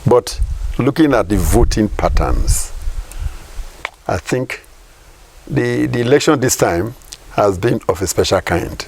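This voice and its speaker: A man's voice: on the low side, lively intonation, takes it slowly, vocal fry, pauses often, darkish tone, slight background noise. A middle-aged Nigerian man giving political commentary in an interview, emphatic, firing rhetorical questions and repeating his points.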